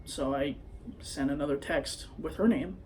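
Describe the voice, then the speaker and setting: A man's voice: a little high, unhurried, darkish tone, slight background noise. A young man vlogging into his phone, telling a personal story in a hesitant, rambling way full of fillers. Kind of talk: confessional personal vlog.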